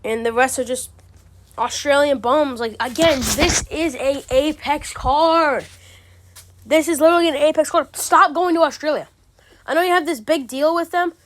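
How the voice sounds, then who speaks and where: A woman's voice: high-pitched, fairly bright tone. A woman giving casual, ranting commentary, exasperated and profane, full of slang. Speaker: MMA commentary channel host.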